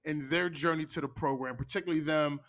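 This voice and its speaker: A man hosting a podcast, reacting to his guest with enthusiasm and easy laughter. His voice sits a little high for a man, in a relaxed conversational tone. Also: fast. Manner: warm backchanneling, laughs along, enthusiastic. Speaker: podcast host. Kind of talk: casual interview chat.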